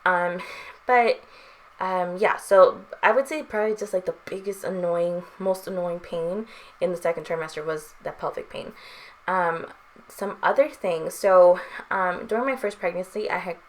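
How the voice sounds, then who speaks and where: Young woman vlogger just chatting, kinda low voice, lots of likes and ums. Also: normal speed. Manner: chatty, frequent "um" and "like", light laughs. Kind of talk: casual chat.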